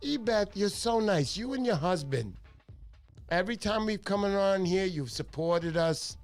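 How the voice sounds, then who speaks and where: A middle-aged man hosts a casual fishing livestream, joking and teasing his viewers. His voice sits a little high, and faint music plays in the background. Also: lively intonation, unhurried. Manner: joking, playful, chatty. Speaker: fishing channel host.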